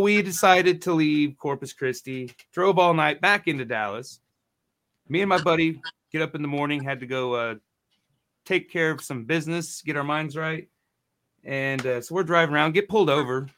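A man in his forties telling a rambling, profane story in a casual podcast chat. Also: mid-range voice. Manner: rambling, profane, animated quoting. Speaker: podcast co-host.

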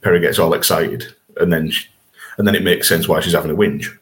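A man's voice: low voice, steady tone, brisk. A man co-hosting a podcast in casual chat, jokey and self-deprecating. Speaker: podcast co-host.

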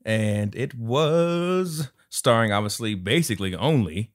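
A man's voice: medium pitch, expressive, unhurried, no echo, clean studio sound. A man co-hosting a podcast, chatting casually about a film and joking about his own slip-ups. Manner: joking, laughs at own slips. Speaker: podcast co-host. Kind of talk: casual movie review chat.

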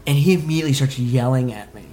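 A man from Utah telling a story on a comedy podcast, animated, laughing and swearing freely. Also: medium pitch, fast. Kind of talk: casual storytelling.

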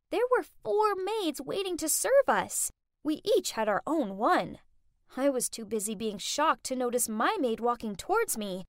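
Dramatic lady telling a story, high and bouncy, dry close mic. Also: dry recording. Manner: dramatic, gushing. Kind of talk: animated first-person story narration.

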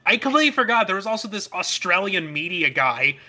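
High, very bright animated man recapping. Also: fast. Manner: animated, laughs often while recapping. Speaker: podcast co-host. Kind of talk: casual comedic chat.

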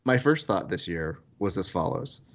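A man in his thirties from California, co-hosting a podcast and telling stories in a casual chat, voice jumping high on quoted exclamations. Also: lively intonation, normal speed, highs cut off. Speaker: podcast co-host.

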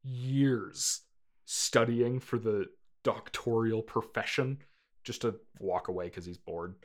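Rambling man chatting about a movie. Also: slow pace. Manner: rambling, filler-heavy, playfully mimics characters in squeaky voices. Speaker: podcast co-host reviewing a movie. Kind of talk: casual chat.

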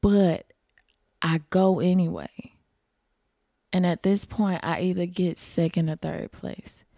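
A woman's voice: lowish voice, lively intonation, slow, gravelly, dark tone, no echo, clean studio sound. A woman guest on a podcast telling a personal story in a vivid, casual way, turning to the listeners with y'all.

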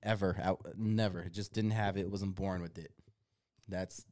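A young man co-hosting a podcast, telling stories in a laid-back, swearing style that grows loud when he is indignant. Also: deep voice, steady tone, normal speed, no echo. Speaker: podcast co-host. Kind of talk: casual chat.

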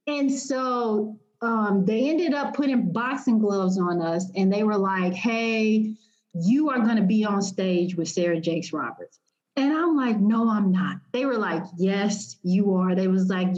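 A woman's voice: medium pitch, lo-fi sound. A young woman telling an emotional personal story as an interview guest, acting out what she and others said. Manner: animated, emotional, quotes herself and others.

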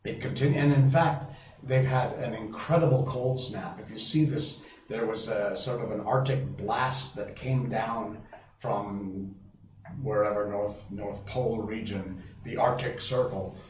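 A man's voice: on the low side, fairly even intonation, a little slow. A man hosting a live stream in casual chat, rambling, restarting his sentences and reading viewer comments aloud. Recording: roomy, distant, dull lo-fi sound with faint noise.

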